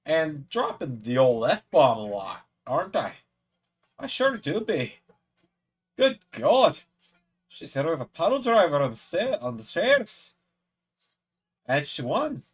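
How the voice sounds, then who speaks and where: Tipsy man rambling with lively pitch. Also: slow, pauses often, slightly rough. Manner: rambling, swears a lot. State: tipsy from drinking. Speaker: stream host. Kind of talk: casual live watch-along commentary.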